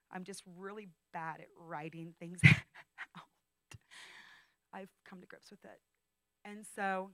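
A woman in her thirties giving a personal testimony as a guest speaker, intimate and emotional, dropping to whispers and rising to loud outbursts. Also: lowish voice, clean tone, dry recording, low-quality recording. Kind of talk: testimony talk. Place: training school session.

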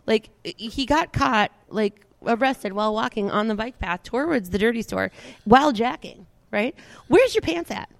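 Animated, laughing co-host, dry close sound. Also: medium pitch, vocal fry, no echo. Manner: animated, quick to laugh, crude jokes. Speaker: podcast co-host. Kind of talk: casual chat.

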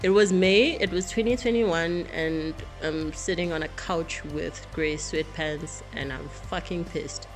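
A woman performing an impassioned spoken-word monologue, fiery and profane, moving between raised outbursts and low, bitter confession. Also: measured pace, hardly any pauses, soft background music. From South Africa.

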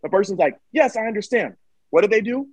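A man telling a story in casual chat, dramatic and animated, acting out what people said. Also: high voice, quick pace, husky, no echo, poor audio. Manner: animated, dramatic retelling with acted-out quotes. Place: Michigan.

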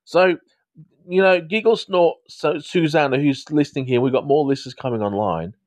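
A man's voice: medium pitch, brisk, darkish tone, no echo. A man hosting a live counselling chat, rambling and playful, with frequent restarts and jokes. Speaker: counselling host of a live audio show.

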